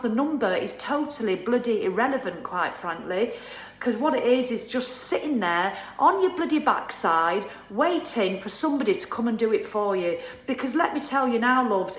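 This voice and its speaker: A woman giving a casual, animated motivational talk, ranting and swearing freely and laughing at herself. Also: on the high side, normal speed, echoey room. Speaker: motivational vlogger.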